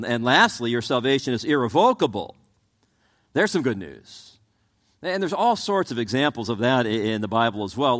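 A pastor with a mid-range voice preaches a sermon, posing rhetorical questions to the congregation. He often stumbles over repeated words as he restarts his sentences.

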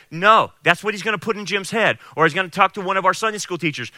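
Male pastor w/ a fairly high bright voice, punchy sermon, dry sound. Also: fast talker, few pauses, dry recording. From California. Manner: emphatic, repeats key phrases for stress.

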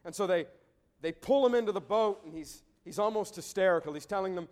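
Male pastor, fairly high voice, earnest sermon delivery, repeats words mid-thought. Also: a little fast, a little mellow. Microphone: preaching to a congregation.

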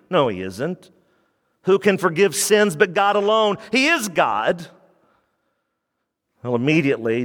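A man preaches with emphatic conviction. His voice sits a little high for a man, falls low and quiet on key points, and rises when he quotes. A long reverb from a large hall trails every line. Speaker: pastor. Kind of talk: sermon.

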